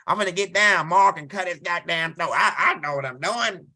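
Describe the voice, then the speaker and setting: A man voicing his dad's drunk, boastful hunting buddy, who curses loudly with bravado. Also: sits high, a little fast, full character voice. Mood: cocky. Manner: loud, cursing bravado.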